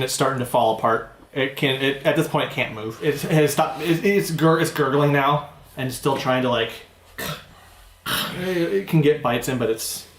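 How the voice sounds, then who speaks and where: Roomy-sounding man running a tabletop game. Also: mid-range voice. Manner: slow, searching descriptions with restarts. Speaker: game master. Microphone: older home recording setup. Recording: echoey room, faint noise.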